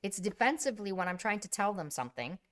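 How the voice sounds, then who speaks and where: A woman co-hosting a casual chat, telling lively stories about coaching and acting out her own yelling. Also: medium pitch, fast. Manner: animated storyteller, acts out her own yelling. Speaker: podcast co-host.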